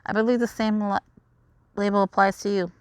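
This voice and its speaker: A woman's voice: medium pitch, flat delivery, brisk, clear, resonant tone, no echo, close to an everyday voice. A woman reading the lines of a proud, regal male dragon prince who speaks with haughty formality.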